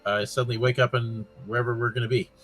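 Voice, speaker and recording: A man playing in a tabletop game, halting and stammering with good humor. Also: mid-range voice, level tone, a bit bright, soft background music. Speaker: player. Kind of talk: casual chat.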